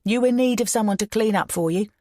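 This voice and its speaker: A woman's voice: medium pitch, quick pace, darkish tone, dry recording, studio quality, pitched above the performer's own voice, natural voice. A woman voicing a menacing, leering male crime boss who taunts in slang. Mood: dismissive.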